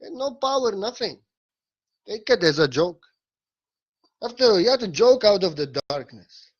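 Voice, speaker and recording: A man's voice: big pitch swings, moderate pace, dull audio. A man putting on a playful, boastful Indian guru voice with a put-on Indian English accent and broken grammar. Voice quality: high, bouncy and playful.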